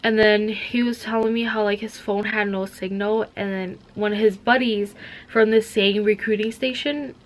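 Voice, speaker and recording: A woman's voice: mid-range voice, steady tone, moderate pace, a little hiss or hum. Chatty young woman, rambling vlog talk. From Minnesota. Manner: rambling, heavy use of "like". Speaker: vlogger. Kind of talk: casual chat.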